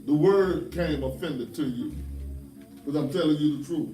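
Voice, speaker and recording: A man's voice: a little high, moderate pace, dark tone, faint music behind. An older man, a pastor, preaching a folksy sermon full of humorous stories and stern warnings. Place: church. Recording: roomy church sound from far off.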